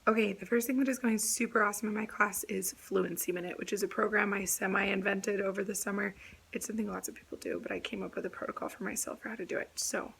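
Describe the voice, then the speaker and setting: Hoarse young woman teacher, raspy half-whisper, chatty vlogger in her classroom, slight hiss behind. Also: medium pitch, fairly bright tone, low-quality recording. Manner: chatty, rambling, self-correcting. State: hoarse, lost voice. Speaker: second grade teacher. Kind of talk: casual classroom vlog.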